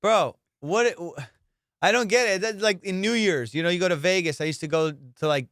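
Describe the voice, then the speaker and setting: Animated, profane comedian host with a clear voice. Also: male voice, high voice, brisk, no echo, studio quality. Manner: profane, animated storytelling with laughs. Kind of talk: casual podcast chat.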